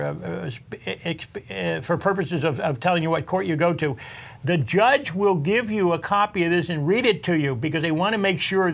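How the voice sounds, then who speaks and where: A man with a notably high voice hosts a talk show as an attorney. He speaks earnestly and repeats his warnings, addressing listeners directly. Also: a bit bright. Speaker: tax and immigration attorney, show host.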